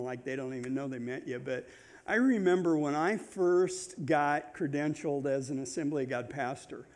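A man with a notably high voice, originally from Nebraska, addressing a church congregation as a visiting pastor. His talk is loose and conversational, full of joking asides and self-deprecating remarks. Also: darkish tone. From Nebraska, USA. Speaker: guest pastor. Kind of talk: informal sermon opening, personal storytelling.

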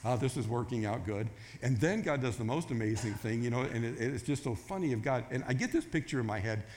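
Guy preaching, casual storytelling voice, acts out the voices, middle pitch. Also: a little fast, slight background noise. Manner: storytelling, acts out quoted voices with rising excitement. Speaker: pastor. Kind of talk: sermon.

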